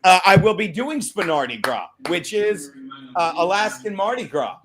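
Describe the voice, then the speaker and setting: A man's voice: high-pitched, very animated, moderate pace, a bit bright. A man, a comedian and podcast host, swearing freely as he tells a story in casual chat.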